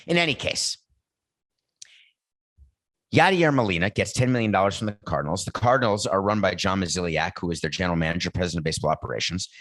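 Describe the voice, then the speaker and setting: Blunt, opinionated man with a low voice. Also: fairly bright tone, dry recording. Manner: blunt, emphatic, talks off the cuff. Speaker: podcast host. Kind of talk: opinionated sports talk monologue.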